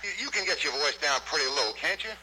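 A man's voice: fairly high pitch, expressive, fast talker, sharp tone, soft background music, rough recording. An actor playing an eager radio writer who coaches his partner through the voices. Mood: brainstorming. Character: eager male radio writer, inventing characters. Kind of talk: period film acting.

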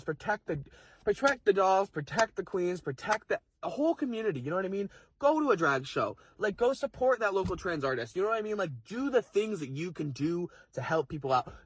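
A man's voice: high-pitched, husky, dry recording. A young man in a fired-up casual vlog rant, swearing and packing his talk with fillers. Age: young adult. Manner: fast, heated, swearing, lots of fillers. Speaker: vlogger. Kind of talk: impassioned casual rant to camera.

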